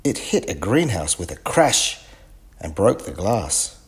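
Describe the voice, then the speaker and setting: A man narrating a children's storybook in a clear, expressive reading. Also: low-pitched, measured pace.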